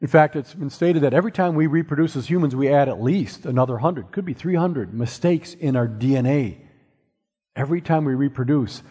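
A husky-voiced middle-aged man speaks to an audience, walking listeners through his points with homely analogies and the odd dry joke. His voice rings out with a long reverb tail from a large hall. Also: mid-range voice, fairly quick, mellow. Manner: explains with everyday analogies and wry asides. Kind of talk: presentation to an audience.

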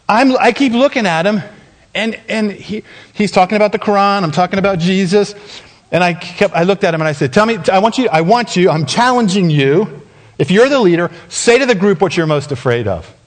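A man preaching a sermon as pastor, telling a story and acting out the dialogue with laughs along the way. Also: on the high side. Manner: animated, acts out dialogue with laughs. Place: church sanctuary.

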